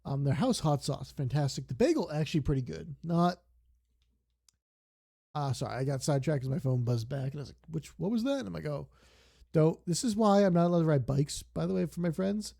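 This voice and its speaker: Streaming a game, this young man sounds a little high, creaky and warm, speaking fairly quickly and expressively. His casual chat keeps wandering into long rambling stories.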